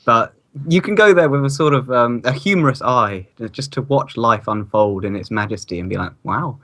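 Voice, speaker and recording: A man's voice: medium pitch, brisk, a bit bright. A man from England, chatting casually as a player in a wry, rambling way. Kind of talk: casual chat.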